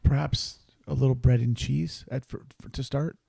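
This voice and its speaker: A man's voice: mid-range voice, fairly even intonation, moderate pace, vocal fry, dark tone, slightly rough, no room sound. A man playing a tabletop game who puts in short, dry joking remarks. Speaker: player. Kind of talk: casual tabletop play.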